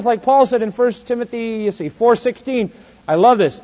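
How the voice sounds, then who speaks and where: A man preaching an expository sermon, swinging between soft, quiet asides and loud, emphatic points, and slowing right down to stress key verses. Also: sits high, animated, muffled recording. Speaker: pastor.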